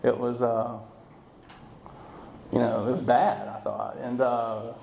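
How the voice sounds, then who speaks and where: Gravelly man sharing his recovery story. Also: medium pitch, little pitch movement, warm tone, a little hiss or hum. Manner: halting, many fillers and restarts. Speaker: AA speaker. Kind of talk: personal recovery talk. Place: meeting room. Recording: echoey room recording.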